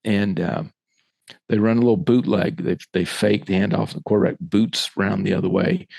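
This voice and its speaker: A man, a former middle school football coach, telling a lively story in casual podcast talk and acting out the voices he quotes. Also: lowish voice, normal speed, gravelly, husky, no room sound.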